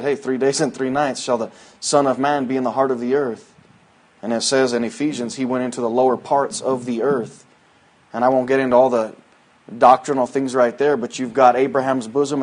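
A pastor with a medium-pitched voice preaches a sermon in a folksy, conversational manner. He quotes scripture and swings between loud, emphatic lines and hushed asides.

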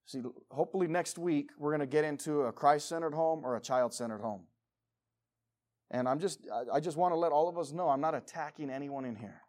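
A man preaching a sermon as pastor, emphatic, swinging between loud urging and quiet pleading. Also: a little high, fairly quick.

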